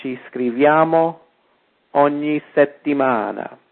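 Man, language teacher, casual spoken lesson, repeats phrases slowly, thin narrow-band sound. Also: on the high side. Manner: repeats example phrases slowly, with small self-corrections. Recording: tinny phone-like audio.

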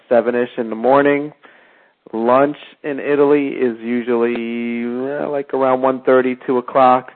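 A man gives a language lesson at a very slow, careful pace, spacing out every word. His voice is thin and tinny, as if heard over a phone line. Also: medium pitch. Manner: deliberate, repeats each word slowly and clearly. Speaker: language teacher.

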